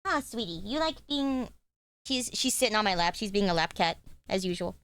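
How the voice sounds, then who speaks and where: A young woman streamer chatting casually at her desk, swearing freely and breaking into loud joking rants. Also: mid-range voice, lively intonation, normal speed, smooth, no echo. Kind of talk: casual live-stream chat.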